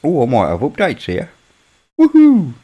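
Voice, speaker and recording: Here a man with a Birmingham accent, from Birmingham, England, runs a relaxed live stream, reading chat and talking under his breath as he works at his computer. The voice is fairly low and measured, captured with lo-fi sound.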